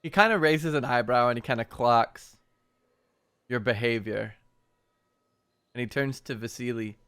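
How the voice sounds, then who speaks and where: A man's voice: medium pitch, unhurried, a bit bright, smooth. A man narrating as game master, casual and full of fillers.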